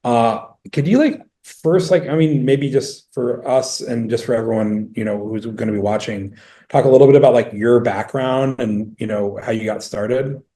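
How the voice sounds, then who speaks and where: A man hosts an interview in a mellow, warm-toned voice at a middle pitch. He asks eager, rambling questions, circling through hedges before he lands on the point. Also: moderate pace. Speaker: interviewer, company co-founder.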